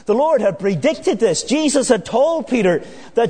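A man preaching an evening sermon in a church, earnest, slowing down and dropping low on key phrases. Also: sing-song, warm tone, breathy edge. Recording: long church hall reverb.

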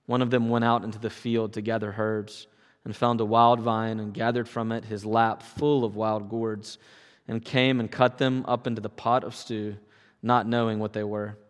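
A man reading a long Bible passage aloud in a measured, even way during a church service. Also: on the low side. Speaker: scripture reader. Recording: long reverb.

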